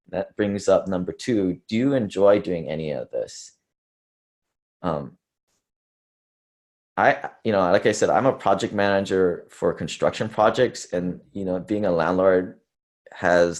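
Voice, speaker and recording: A man's voice: deep voice, a little mellow. A man speaking casually at an investor conference, rambling with fillers and self-deprecating asides. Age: under 30s to early 40s. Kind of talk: casual presentation talk.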